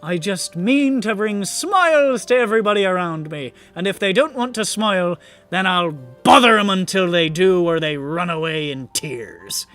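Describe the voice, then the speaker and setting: A game master voicing Skelai, a giddy, chaotic male fairy jester with a shrill, sing-song manner. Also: expressive, normal speed, fairly bright tone, soft background music, lightly acted. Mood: cheeky.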